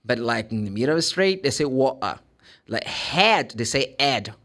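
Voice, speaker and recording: A man with a Brazilian Portuguese accent teaching English pronunciation, explaining and demonstrating sounds in an animated way. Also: medium pitch, normal speed. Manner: animated, demonstrates sounds and acts out students' questions. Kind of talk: pronunciation lesson.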